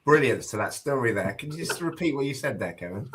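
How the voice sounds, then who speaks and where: A man's voice: mid-range voice, animated, fast, fairly bright tone. A man co-hosting a casual stream, teasing the others with blunt wisecracks over a hissy online call. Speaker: stream co-host. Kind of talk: casual chat.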